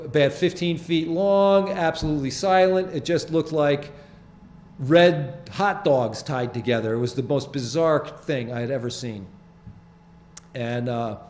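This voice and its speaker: An older man hosting a small public-access TV show, explaining his photographs in halting, rambling, earnest talk from the studio. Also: mid-range voice, darkish tone, a little hiss or hum. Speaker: show host presenting his sky photographs.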